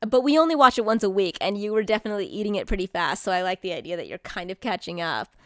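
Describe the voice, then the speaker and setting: A woman streamer chatting casually and excitedly, rambling, swearing now and then and answering chat, while hiccuping. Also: medium pitch, quick pace, no room sound, studio quality.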